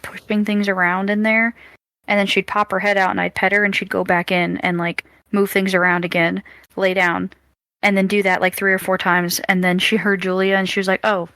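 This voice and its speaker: A woman chats in a rambling way at a game table, sprinkling "like" through her stories. Her voice is bright and sharp, and the sound is dry and close. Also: medium pitch, no echo. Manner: chatty storyteller, filler "like". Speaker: player. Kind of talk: casual tabletop game chat.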